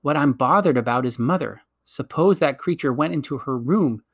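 A man's voice: mid-range voice, normal speed, husky. A man reading aloud, voicing a flustered young English boy who stammers and pleads.

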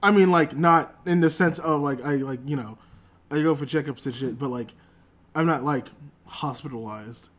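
A man hosting a casual podcast, laid-back and quick to swear when annoyed. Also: a little high, a bit bright. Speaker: podcast host.

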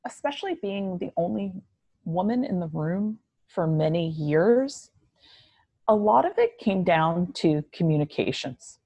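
Woman guest, reflective and unhurried, slightly low voice, dry close sound. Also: darkish tone, no echo. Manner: measured, reflective, slow delivery. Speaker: podcast guest. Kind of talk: conversational interview answers.

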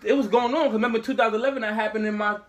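A man's voice: high-pitched, fairly even intonation, rapid-fire. A young man casually telling a rambling, slangy story to friends.

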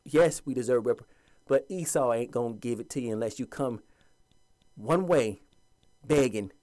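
A man's voice: mid-range voice, moderate pace, darkish tone. A man giving an impassioned, preachy monologue to his viewers, sometimes mocking the voices of other people. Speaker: commentator addressing viewers.

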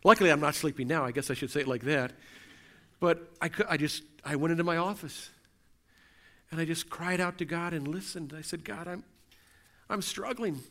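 High-voiced man preaching earnestly. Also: fairly quick, fairly bright tone. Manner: earnest, repetitive rhetorical questions. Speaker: pastor. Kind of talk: sermon.

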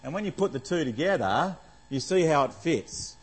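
A man with a somewhat high, expressive voice preaches a conversational sermon at normal speed, reading scripture aloud and putting questions to the congregation. His speech is full of fillers. His voice is slightly rough, and the recording is low quality.

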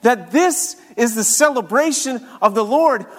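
A man with a high voice preaches at an unhurried pace. He drops to hushed tones when reading scripture and rises to fervent, exclaimed prayer. His voice rings with the long reverb of a large hall. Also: expressive. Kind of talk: sermon.

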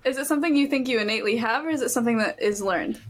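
A woman's voice: fairly high pitch, racing, a little hiss or hum. Hesitant woman asking questions. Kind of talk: casual group-call chat.

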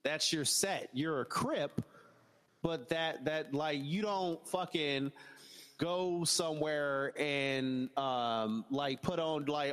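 A man's voice: on the high side, slow pace, fairly bright tone. Joking profane man, reverberant sound. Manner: loose, profane, joking storytelling. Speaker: podcast host. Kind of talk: casual live podcast chat.

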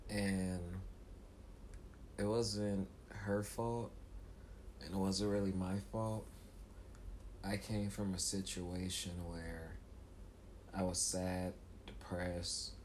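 A comedian hosting a show tells a profane stand-up story full of lively character voices, shouting in a high pitch as he acts out scenes before settling into a calm, reflective tone. There's a little hiss or hum on the recording.

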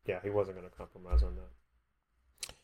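A man's voice: low voice, monotone, measured pace, warm tone. A man in a casual Bible discussion, hesitant, often restarting his sentences.

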